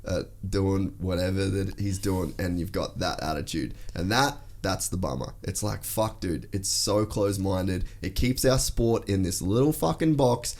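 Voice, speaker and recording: A man's voice: deep voice, normal speed, few pauses, darkish tone. An Australian man hosting a casual podcast, talking bluntly and swearing freely in long rambling runs. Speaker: podcast host.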